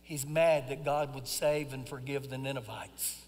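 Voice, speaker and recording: A man preaching a live sermon in church, folksy and conversational, swinging from low asides to loud shouted emphasis. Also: steady tone, moderate pace. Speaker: pastor. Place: church sanctuary during a service. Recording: long hall reverb.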